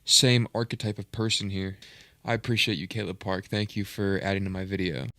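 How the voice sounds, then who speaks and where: A man's voice: deep voice, level tone, brisk, pushed and bright, no echo, clean studio sound. A man hosting a reaction video, commenting in an earnest, rambling, self-reflective way.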